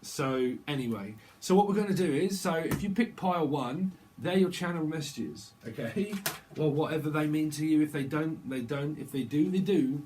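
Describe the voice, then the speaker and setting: A man's voice: on the high side, animated, normal speed, darkish tone, a little hiss or hum. A middle-aged man doing a casual, rambling tarot channeling monologue. He jumps playfully from word to word and laughs often. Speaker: tarot reader.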